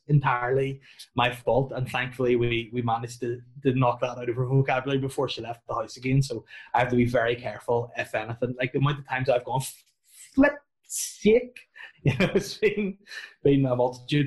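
A man in his thirties, a comedian, telling self-mocking stories in a rambling casual chat, full of fillers and restarts. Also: mid-range voice. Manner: rambling, self-deprecating storytelling with many fillers. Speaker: comedian and podcast guest.

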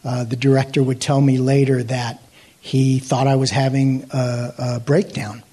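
A man with a husky, slightly breathy voice tells a deeply personal story. He halts, repeats himself and restarts, often letting his voice fall to a hushed near-whisper. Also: level tone. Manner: hesitant, halting with many restarts, sinking to hushed near-whispers. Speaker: actor sharing a testimony.

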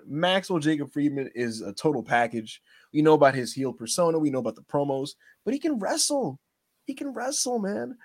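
A man co-hosting a casual chat podcast, talking in an animated, joking way with frequent laughs. His voice sits a bit high for a man and swings widely in pitch. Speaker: podcast co-host.

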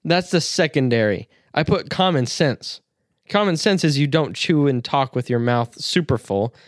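A man's voice: on the high side, expressive, normal speed, no room sound, studio quality. A man co-hosting a casual podcast chat, joking and swearing with frequent laughter. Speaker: podcast co-host.

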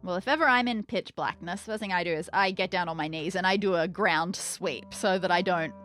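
A woman's voice: lowish voice, a little fast, fairly bright tone. A woman playing a tabletop game, talking through her moves in a methodical, wry way. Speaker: player.

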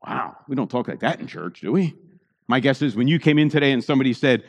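A man's voice: mid-range voice, expressive, fast, long reverb tail. A man preaching a sermon in a church in a conversational way, often asking the congregation rhetorical questions. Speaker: pastor.

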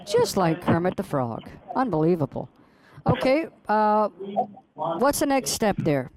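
A woman's voice: mid-range voice, very animated, measured pace, crowd noise, rough recording. A woman on a prank call, berating a phone scammer with mocking, profane insults.

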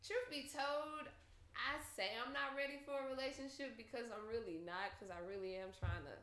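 A young woman telling a story in casual chat, animated and profane, with bursts of laughter. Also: a little high, normal speed. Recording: roomy echo.

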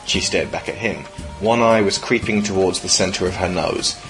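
A man reading his own comic short story aloud in a dry, deadpan way on a podcast. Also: low-pitched, moderate pace, music in the background, poor audio.

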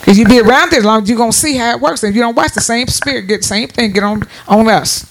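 A woman's voice: fairly high pitch, fast. A woman in her sixties giving a casual preaching talk to her viewers. She is emphatic, repeats her words and restarts often, and her voice jumps up on the points she wants to stress. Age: 60s. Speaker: church speaker addressing viewers.

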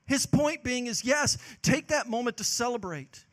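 A male pastor, preaching a passionate sermon that swings from loud exhortation to hushed, earnest moments. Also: extremely high pitch, expressive, moderate pace.

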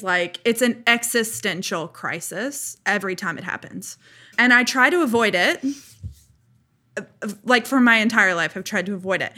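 A woman hosts a casual podcast conversation, telling her stories with animated energy and frequent laughter. Her voice sits at an ordinary middle pitch and sounds bright. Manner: animated storytelling, laughing often. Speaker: podcast host.

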